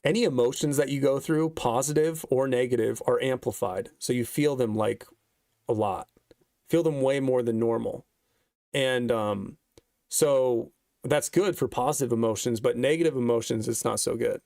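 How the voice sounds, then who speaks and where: A man's voice: mid-range voice, normal speed, gravelly, a little mellow, no room sound, clean studio sound. A young man telling a rambling story in casual vlog style, profane and laid-back, with lots of fillers. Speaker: vlogger.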